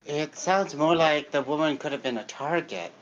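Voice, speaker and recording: An eager player in a tabletop game, quick with questions. The voice sits at a middle pitch and comes through a slightly dull, lo-fi mic. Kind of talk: casual tabletop game play.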